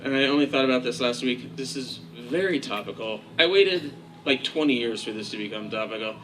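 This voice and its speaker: A man's voice: medium pitch, fairly quick, a bit bright. A man from Kansas doing a stand-up comedy set on a club stage, rambling, profane and playfully sarcastic. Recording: noisy live club recording.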